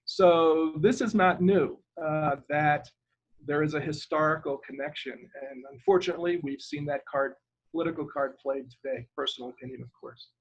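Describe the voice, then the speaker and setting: A man's voice: fairly high pitch, steady tone, normal speed, breathy edge, lo-fi sound. An older man from Ireland, a retired government lawyer, talking as a guest over a video call in a rambling, hesitant way and spelling out names letter by letter.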